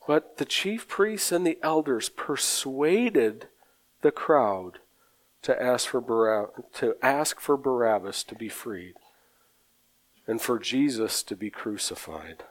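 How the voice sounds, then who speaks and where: A man preaching a sermon in a slow, earnest way, often repeating words as he gathers his thoughts. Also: mid-range voice, lively intonation.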